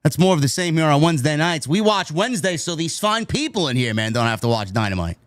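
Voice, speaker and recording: Animated, swearing New York man. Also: on the high side, fast, no echo. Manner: animated, swears a lot, says "man" and "bro". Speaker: show host. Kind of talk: casual podcast review chat.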